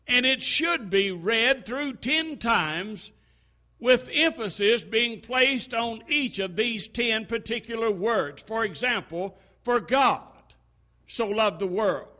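Slow, high-voiced, emphatic male preacher. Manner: slow, emphatic pulpit cadence, building to loud crescendos. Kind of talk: sermon.

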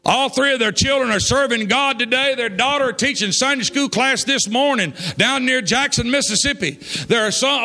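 A man preaching, telling a folksy story that builds to shouts of praise. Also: very high voice. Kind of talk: sermon storytelling. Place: church.

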